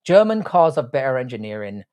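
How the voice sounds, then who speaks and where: Brief: young male livestream host, animated and bouncy pitch, crude teasing banter full of swearing, casual desk-mic talk. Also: a little fast. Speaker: livestream host reading chat. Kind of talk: casual live stream banter.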